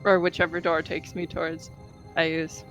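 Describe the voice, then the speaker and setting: A woman's voice: deep voice, flat delivery, moderate pace, soft background music, low-quality recording. A woman playing a tabletop game, chatting bluntly and casually, swearing now and then. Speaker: player.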